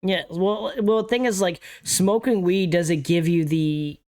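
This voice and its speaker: A man from Alabama hosting a casual livestream podcast, joking and laughing between quick asides. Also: high-pitched, fairly even intonation, a little mellow. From Alabama, USA. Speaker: podcast host.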